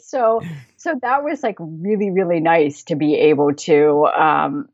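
A woman's voice: deep voice, a little slow, darkish tone, no echo, dull audio. An American woman chatting as a podcast guest, rambling and laughing often. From United States. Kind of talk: casual chat.

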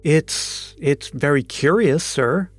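A man's voice: fairly high pitch, slow. Guy voicing a scared stammering gravedigger, shaky polite replies, storybook, faint music. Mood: frightened. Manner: stammering, fearful. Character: terrified old male gravedigger, stammering.

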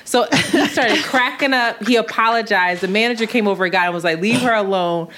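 A woman in casual podcast chat, telling an anecdote in an animated way and laughing through it. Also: a little high, fast. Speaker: podcast guest.

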